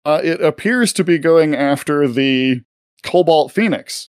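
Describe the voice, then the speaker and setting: A man's voice: on the high side, a little slow, smooth, no echo, studio quality. A man narrating a tabletop game as game master, rambling with many fillers.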